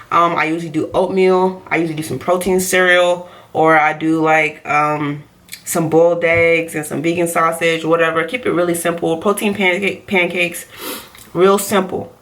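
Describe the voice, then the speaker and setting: A woman's voice: lowish voice, a bit bright. A woman coaching on diet in a casual vlog, chatty and repeating her points for emphasis.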